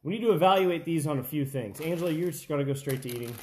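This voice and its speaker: A man's voice: fairly high pitch, racing, slight background noise. A man hosting a family baking taste test in a home kitchen, chatting casually with lots of fillers and restarts.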